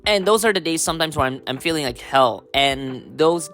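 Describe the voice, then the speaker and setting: A man hosting a casual solo podcast, hoarse from a cold, rambling with lots of fillers and throat-clearing. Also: fairly high pitch, lively intonation, normal speed, fairly bright tone, faint music behind. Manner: rambling, full of "you know" and "um", throat-clearing. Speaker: podcast host.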